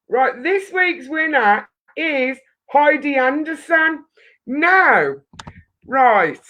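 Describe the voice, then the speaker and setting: A woman's voice: high voice, big pitch swings, slow, bright, forceful tone, muffled recording. A woman hosting a charity live stream, chatting loosely to viewers, rambling and laughing often into her webcam.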